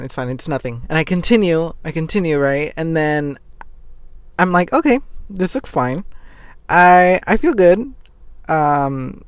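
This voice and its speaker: A young man with a slightly high voice hosts his podcast and rambles through an awkward story. He giggles and restarts often out of embarrassment. The sound is dry and close to the mic. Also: no echo. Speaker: podcast host. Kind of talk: casual confessional chat.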